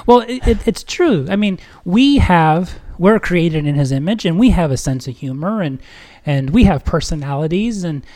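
A man's voice: on the high side, lively intonation, moderate pace, few pauses, a little mellow. Upbeat, stumbling man co-hosting a podcast. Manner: upbeat, stumbling, laughs easily. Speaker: podcast co-host. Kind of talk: casual faith podcast chat.

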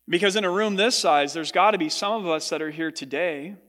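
Brisk and a bit bright, a pastor gives an earnest sermon to his congregation, his pitch going up for quoted speech. The large church hall he speaks in adds a long reverb.

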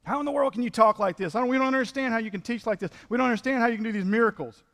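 A man's voice: extremely high pitch, very fast, fairly bright tone, long reverb tail, pitched above the performer's own voice. A man voicing a skeptical Pharisee who insistently demands proof, in a sermon. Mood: demanding.

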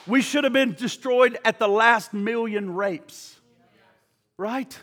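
A man preaching a sermon in a church, impassioned, moving between hushed low passages and shouted appeals. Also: takes it slowly. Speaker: pastor.

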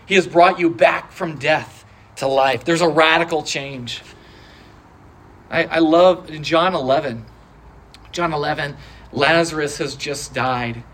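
A preacher with a medium-pitched voice delivers a sermon in an animated, conversational style, repeating phrases for emphasis.

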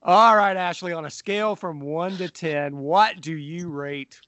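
A man hosting a casual film review podcast, chatty and quick to laugh, talking to listeners as folks. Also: on the high side, fairly bright tone, no room sound. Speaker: podcast host. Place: lived in the South.

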